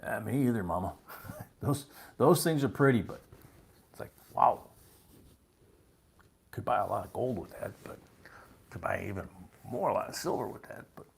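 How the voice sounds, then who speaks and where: A man's voice: lowish voice, expressive. An older man hosting a live coin auction stream, chatting casually and rambling with chuckles between bid calls. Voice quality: gravelly and husky. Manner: rambling, chuckling, calls bids in a louder slow drawl.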